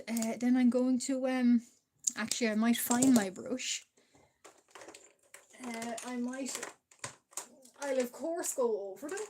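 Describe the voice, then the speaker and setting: Chatty Irish woman streaming her drawing. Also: a little high. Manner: hesitant, chatty, many fillers, laughs often. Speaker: art livestreamer. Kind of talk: casual livestream chat while drawing.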